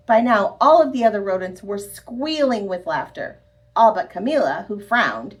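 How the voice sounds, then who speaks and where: Lively, sing-song woman reading to children. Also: fairly high pitch, normal speed. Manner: expressive, sing-song, addresses children directly. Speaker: storyteller. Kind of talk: children's read-aloud.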